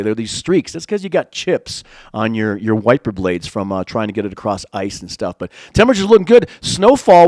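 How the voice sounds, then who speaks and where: A man's voice: fairly high pitch, darkish tone, no room sound. A man hosting a live local morning show from a studio, talking in a rambling, friendly way with many fillers and restarts. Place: hotel TV studio.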